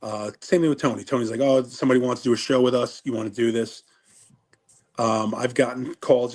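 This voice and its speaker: A man's voice: mid-range voice, steady tone, fairly quick, darkish tone. A middle-aged man, a former wrestler telling stories in a casual interview, rambling and cutting himself off mid-sentence. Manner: rambling, self-interrupting storyteller.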